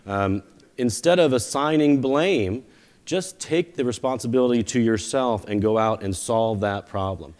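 A man's voice: mid-range voice, measured pace, darkish tone. A man giving a conference keynote, telling stories in a conversational way with self-deprecating jokes. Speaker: company founder giving a keynote. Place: conference stage before a live audience.

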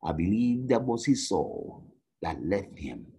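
A man, his tongue, gives personal testimony over a video call. His voice swings widely in pitch, booming on some phrases and falling almost to a murmur on others. The delivery is raw and emotional. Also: big pitch swings, slow. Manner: emotional storytelling with big swings between loud and hushed. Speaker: guest speaker, death row exoneree.

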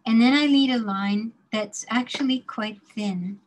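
A woman leads a drawing demonstration for her class, talking slowly and deliberately as she works. Her voice sits a little high, and she sometimes drops to a murmur to herself while she draws. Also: background noise. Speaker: design drawing instructor.

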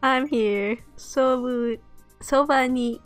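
A woman voicing a goofy, smug teenage prankster, high and sing-song as she feigns sincerity. The voice lilts above a usual woman's range, playful and teasing, with light game music in the background. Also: slow. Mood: mock-sincere.

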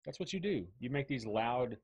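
A man's voice: mid-range voice, lively intonation, moderate pace, darkish tone, husky. A man, the show's producer, teasing the host in casual chat, matter-of-fact. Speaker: podcast producer.

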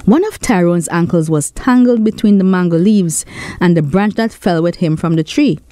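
A woman with a St. reading a children's story aloud in an expressive storytelling voice. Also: on the low side, normal speed, dry recording, clean studio sound. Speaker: storyteller and author. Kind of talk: storybook narration.

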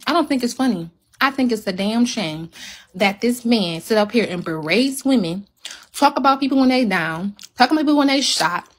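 A woman ranting heatedly on a phone livestream to her viewers, emphatic and repeating her points. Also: a little high.

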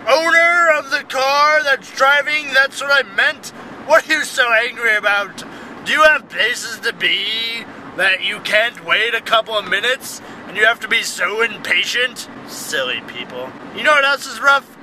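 A young man chats into his camera on the drive to work, playful and a little sing-song. His voice sits very high and sounds sharp and bright. A faint car hum is under him. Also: measured pace, poor audio. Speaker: vlogger. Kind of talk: casual vlog while driving.

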